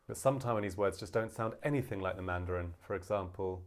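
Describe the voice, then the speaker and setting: A man teaching a casual language lesson, explaining with many fillers and slowing down to demonstrate pronunciations. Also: sits low.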